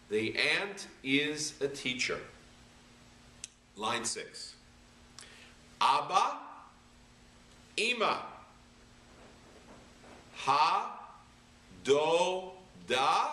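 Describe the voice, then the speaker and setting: A rabbi patiently sounding out syllables one by one in a slow reading lesson. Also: male voice, mid-range voice, sharp tone. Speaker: rabbi teaching Hebrew reading. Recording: echoey room, voice a bit far from the mic.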